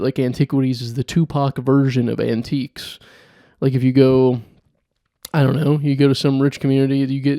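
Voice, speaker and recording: A young man hosting a solo comedy podcast, rambling deadpan and laughing at his own jokes. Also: medium pitch, creaky, no room sound, clean studio sound. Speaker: podcast host.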